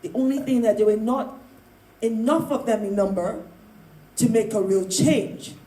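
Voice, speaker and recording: Woman, high voice, loud, emphatic, laughs often, panel discussion, echoey room. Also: normal speed. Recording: roomy, echoey sound.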